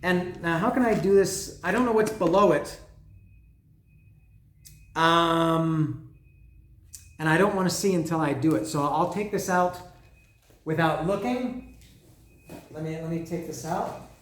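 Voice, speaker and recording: Excitable man rambling, echoey room. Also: a little high, unhurried, long pauses, slight background noise. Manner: rambling, excitable, swears freely, many restarts. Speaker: vinyl record vlogger. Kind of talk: casual unboxing vlog. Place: lives in Mexico.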